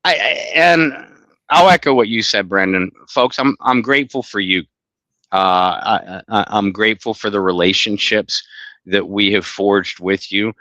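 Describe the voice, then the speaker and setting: A man's voice: on the low side, pushed and bright, dry recording, muffled recording. Rambling, blunt male podcast co-host. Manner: rambling, halting, with many restarts and blunt profanity. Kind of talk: casual podcast chat.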